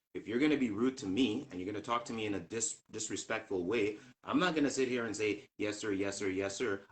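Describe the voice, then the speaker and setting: A man in a relaxed conversation tells a story animatedly, replaying each exchange as he goes. His voice sits on the lower side. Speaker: co-host. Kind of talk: casual chat.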